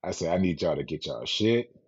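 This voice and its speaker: Podcast co-host, man with a low husky voice, lively and profane. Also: brisk. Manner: animated, profane, laughing storyteller. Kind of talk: casual storytelling. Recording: dull lo-fi podcast audio.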